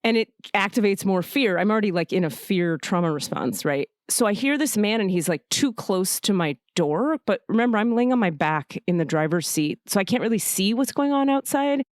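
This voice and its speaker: Woman host, swearing storyteller, mid-pitched voice, dry close mic. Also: a little fast, few pauses, no echo. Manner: emotional, profane, animated storytelling. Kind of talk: casual storytelling.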